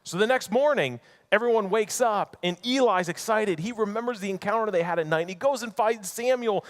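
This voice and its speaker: A high-voiced pastor preaches a little fast in a church sanctuary, recounting a Bible story like a conversation. He gives the characters their own acted-out voices and adds casual asides.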